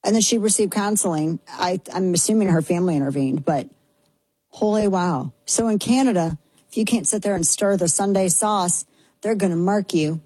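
A woman's voice: fairly low pitch, normal speed, dark tone, husky, dry recording, rough recording. A woman hosting a talk radio show, delivering an incredulous, sarcastic monologue.

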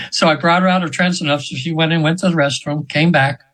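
On a low-quality recording, a man in his seventies talks fast in a fairly bright voice on the high side, with fairly even intonation. He's a guest hypnotherapist telling stories casually in an interview, earnest and rambling, with many fillers and restarts.

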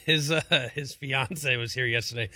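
A man's voice: mid-range voice, slow, sharp tone, no room sound, studio quality. A man co-hosting a sports talk show, wry and amused. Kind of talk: casual studio banter.

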